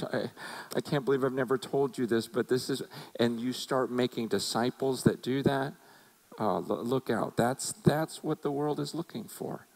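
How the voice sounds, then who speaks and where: Gravelly-voiced man preaching a sermon. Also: medium pitch, darkish tone, rough recording. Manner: conversational, emphatic preaching with acted-out quotes. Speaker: pastor.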